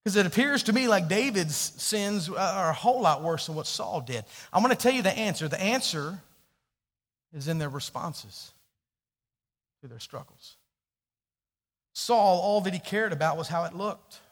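A man preaching a sermon, telling a story and swinging from hushed, low passages to loud, emphatic questions. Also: animated, moderate pace. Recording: long hall reverb.

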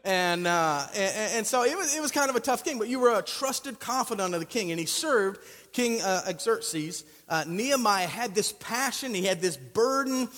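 A man preaching a sermon, telling the story in an animated way and building up emphasis. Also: high-pitched, moderate pace, hardly any pauses. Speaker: pastor. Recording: long reverb of a large hall.

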